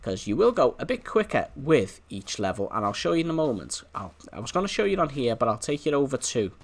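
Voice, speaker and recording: Chatty Liverpool man with a lively voice. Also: mid-range voice, fast. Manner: chatty, rambling, talks to in-game animals. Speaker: gameplay video host. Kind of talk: casual gameplay commentary.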